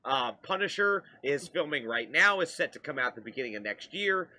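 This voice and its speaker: Bright-voiced chatty male co-host. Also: a little high, lively intonation, brisk. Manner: chatty, newsy, frequent "uh" fillers. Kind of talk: casual stream chat.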